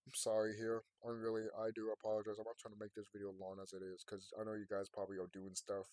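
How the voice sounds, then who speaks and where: A man's voice: on the low side, completely flat delivery, fast talker, no room sound. Man ranting in a late-night vlog. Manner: rambling, swings from quiet and tired to loud and ranting. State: sleepy, yawning. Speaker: vlogger. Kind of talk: late-night emotional monologue to viewers.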